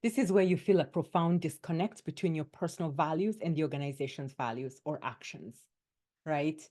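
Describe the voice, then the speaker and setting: Emphatic woman coach with a lowish voice. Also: fairly quick. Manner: lively and emphatic, often tagging points with "right?". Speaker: wellness coach. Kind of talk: workshop talk to doctors.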